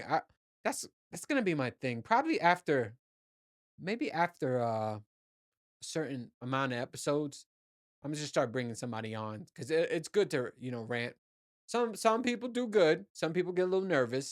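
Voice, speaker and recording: A man hosting his own podcast, ranting casually and rambling, swearing freely and restarting his sentences often. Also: fairly high pitch. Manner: profane, rambling, with many restarts and "you know"s. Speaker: podcast host. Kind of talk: casual solo podcast rant.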